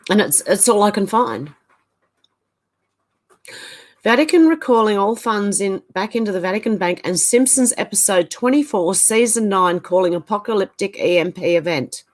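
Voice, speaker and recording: A woman's voice: mid-range voice, animated, a little fast, few pauses. A woman hosting a casual livestream, reading out viewer comments and thinking aloud with hesitant asides. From Australia.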